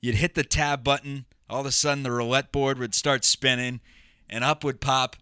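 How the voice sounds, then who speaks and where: A young man co-hosting a podcast, telling jokes and stories in a deadpan casual chat. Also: mid-range voice, normal speed, clean tone, dry recording, clean studio sound. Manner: deadpan, storytelling with silly put-on voices. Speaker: podcast co-host.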